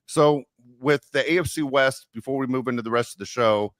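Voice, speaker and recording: A man's voice: medium pitch, a little fast, a bit bright, dry recording, clean studio sound. A man hosting a casual sports podcast, joking and rambling with plenty of fillers. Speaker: podcast host.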